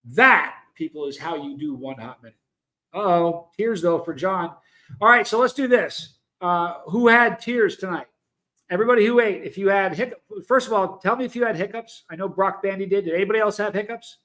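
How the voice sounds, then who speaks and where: A man with a fairly high voice hosts a casual livestream. He talks loosely to his viewers, reads their comments aloud and often breaks off to restart his sentences. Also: fairly quick, sharp tone. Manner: chatty, rambling, self-interrupting. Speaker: livestream host.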